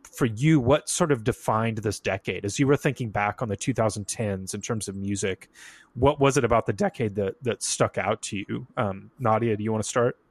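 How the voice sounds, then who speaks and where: A man hosting a casual music podcast, talking in a relaxed way with lots of fillers. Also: on the low side, normal speed, no room sound. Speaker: podcast host.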